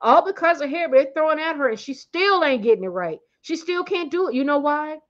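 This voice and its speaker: A commentary vlogger with a fairly high, animated voice delivers blunt, slangy opinions at a fairly quick pace. She hits her points hard and often breaks off to restart mid-sentence. The recording sounds slightly muffled and lo-fi.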